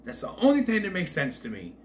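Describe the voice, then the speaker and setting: Male reviewer, somewhat high voice, lively and rambling, wry and hesitant. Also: fast talker, slight background noise. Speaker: movie reviewer. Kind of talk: casual rambling movie commentary.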